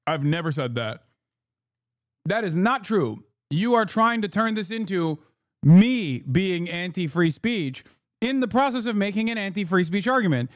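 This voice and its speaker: A man's voice: high-pitched, lively intonation, a little slow, no room sound, studio quality. A man reacting on a live stream, arguing with a clip and joking with his chat in a heated, profane way.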